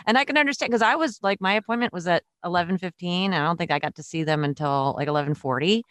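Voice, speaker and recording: A woman's voice: on the low side, fast, a bit bright, dry recording, studio quality. A woman co-hosting a podcast, chatting casually with wry, supportive remarks and frequent laughs. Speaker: podcast co-host. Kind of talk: casual chat.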